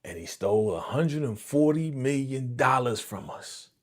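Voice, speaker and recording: A man's voice: medium pitch, lively intonation, measured pace. A man putting on a grim voice for a man delivering bad news.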